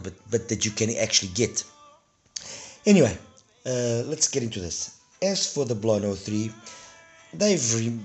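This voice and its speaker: A man with a hoarse voice from a throat infection and cold, reviewing earphones in a rambling, casual way with many fillers and restarts. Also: fairly low pitch.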